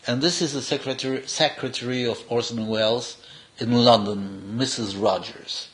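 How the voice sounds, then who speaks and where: An older man, a cinematographer, telling animated, rambling stories in casual, non-native English with restarts. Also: medium pitch, normal speed. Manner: rambling, animated anecdotes with frequent laughs and restarts. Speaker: cinematographer being interviewed. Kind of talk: casual anecdotal storytelling.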